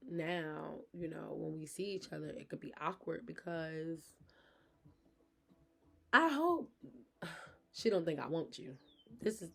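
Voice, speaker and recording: Candid mother vlogging, with a gravelly voice. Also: low voice, a little mellow. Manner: frank, chatty, addresses viewers directly. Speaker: vlogger, mother of her kids. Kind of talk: candid personal vlog talk.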